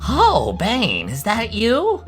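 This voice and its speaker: A woman's voice: fairly high pitch, wildly swooping pitch, slow pace, music in the background, full character voice. A woman voicing a smug, riddle-obsessed male villain in a game roleplay, mocking and self-satisfied. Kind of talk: Minecraft roleplay voice acting.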